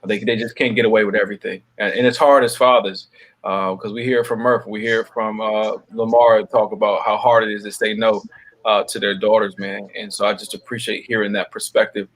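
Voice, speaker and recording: A man's voice: on the low side, level tone, brisk. A man hosting a web panel show on a video call, affirming his guests and often tagging his sentences with "man.". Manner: warm, affirming, peppers speech with "man". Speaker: show host. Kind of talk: web series panel talk.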